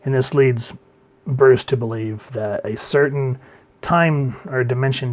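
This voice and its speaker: A man giving a casual comic book review, talking in a relaxed way and letting his phrase ends trail off quietly. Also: medium pitch, unhurried.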